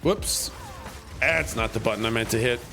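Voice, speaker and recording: A man's voice: mid-range voice, moderate pace, creaky, music in the background. A man in his thirties chatting casually while he plays a game on stream, rambling and joking. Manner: animated, rambling, jokey.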